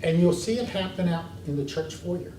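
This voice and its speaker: A man's voice: sits high, normal speed, echoey room. Male class teacher, earnest and emphatic, recorded from far off with faint hiss. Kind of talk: classroom lecture. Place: church meeting room.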